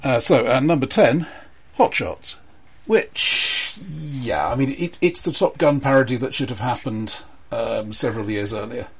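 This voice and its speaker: Man, casual film podcast, measured, hesitant, lots of ums, runs through a chart. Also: medium pitch, animated, creaky, slight background noise. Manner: measured, hesitant, many fillers. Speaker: podcast co-host presenting a chart.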